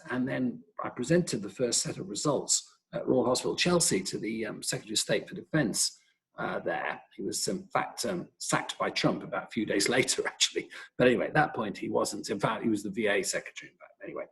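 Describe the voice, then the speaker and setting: A middle-aged man with a British accent, an epidemiologist giving a webinar talk and telling wry, lively anecdotes. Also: on the low side, a little fast, creaky, rough recording. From Britain. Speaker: professor, epidemiologist.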